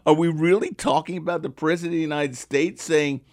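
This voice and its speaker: A man's voice: fairly high pitch, brisk, dry recording, studio quality. A man on a talk panel, giving his opinion in a fired-up, emphatic way and repeating words when he gets worked up.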